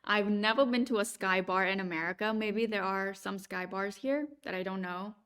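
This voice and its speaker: A woman's voice: medium pitch, normal speed, a bit bright, clear, resonant tone. A woman hosting a podcast on a video call, chatting casually and hesitantly as she walks through her travel photos. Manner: hesitant, many fillers and restarts. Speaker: podcast host.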